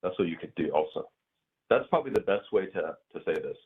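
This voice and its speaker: A very low, husky-voiced man teaches grammar over a thin, phone-like connection. He rambles through his points with plenty of fillers and acts out little everyday scenes to make them clear. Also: animated, brisk. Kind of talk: casual online class explanation. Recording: tinny phone-like audio.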